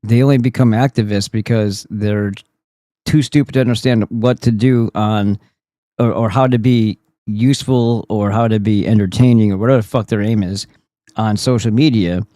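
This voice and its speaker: A man streaming and reacting to clips, talking in a rambling, profane way with many halting restarts. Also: fairly low pitch, fairly even intonation, mellow, no echo. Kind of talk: profane casual commentary.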